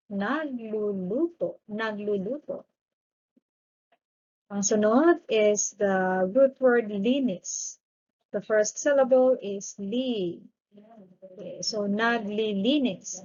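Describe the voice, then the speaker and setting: Slow, patient woman teaching a language. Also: fairly high pitch, highs cut off. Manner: patient, repeats each word twice. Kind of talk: grammar lesson with slow drilled repetition.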